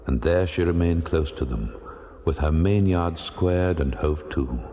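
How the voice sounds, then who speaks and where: A deep-voiced man reads a classic sea novel aloud with measured, dramatic pacing. His voice rings through a long reverb tail, as if in a large hall. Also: dark tone. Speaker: audiobook narrator. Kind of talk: scripted narration of a classic novel.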